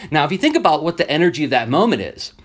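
Male teacher-podcaster, casual solo monologue, animated storyteller. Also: fairly high pitch, very fast. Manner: animated storyteller, acts out quoted voices.

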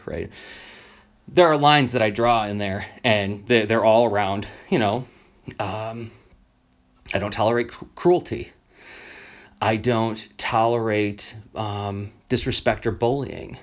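A man's voice: fairly low pitch, slow pace, long pauses. A man, a teacher hosting his own podcast, talking casually and acting out the voices of people in his stories. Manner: animated storyteller, acts out quoted voices. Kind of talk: casual solo podcast monologue.

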